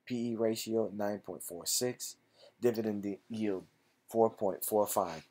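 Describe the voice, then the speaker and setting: A man's voice: fairly low pitch, unhurried, mellow. A man hosting an investing channel who reads company facts and figures aloud in clipped phrases, then chats loosely about whether to buy. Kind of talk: casual stock-analysis commentary.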